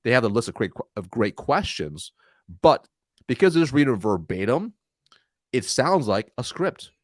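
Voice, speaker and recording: A man's voice: mid-range voice, no room sound, studio quality. A man guest on a podcast, a sales trainer talking energetically and acting out sales dialogue. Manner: energetic, acts out sales dialogue in quick asides. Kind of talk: conversational interview.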